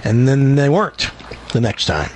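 A man's voice: medium pitch, sing-song, normal speed, a little hiss or hum. A man co-hosting a radio show, chatting casually and making wry, teasing remarks. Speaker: radio co-host.

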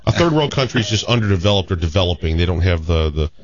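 A man's voice: low voice, animated, fast, lo-fi sound. A man co-hosting a radio show, explaining things plainly with wry jokes. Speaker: radio co-host. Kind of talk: casual radio chat.

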